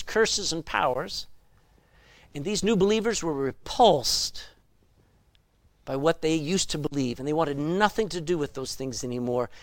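An older man preaching a sermon, telling stories with sudden loud bursts of emphasis. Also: on the high side, no echo. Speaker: pastor.

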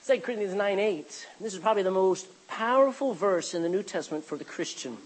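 A man's voice: high-pitched, brisk, low-quality recording. A man preaching a sermon as pastor, reading scripture aloud and calling out for amens from the congregation.

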